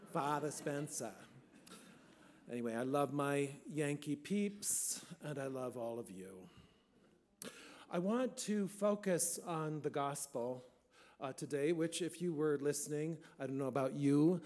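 Older male priest in his sixties, slightly high voice, slow and playful sermon delivery. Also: a little mellow. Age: 60s. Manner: folksy, playful preaching with sudden emphatic swells. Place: church.

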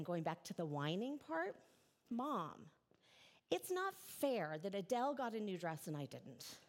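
A middle-aged woman pastor delivers a relaxed, chatty sermon from the front of a church. Her voice sits a little low for a woman, and she keeps turning to her listeners with a quick "right?". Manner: conversational, often adds "right?".

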